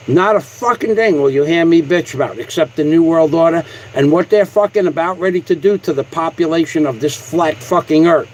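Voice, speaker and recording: High-voiced man ranting and swearing. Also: a little mellow, rough recording. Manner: angry, repetitive and heavily profane. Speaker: livestreamer. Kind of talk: profane rant on a livestream.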